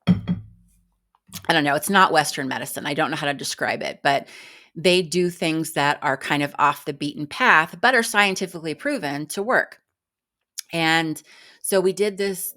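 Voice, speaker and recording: A woman's voice: low-pitched, a bit bright. A woman in her fifties talking frankly in a personal vlog, chatty and exasperated, with many fillers and restarts. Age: 50s. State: exhausted. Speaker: vlogger.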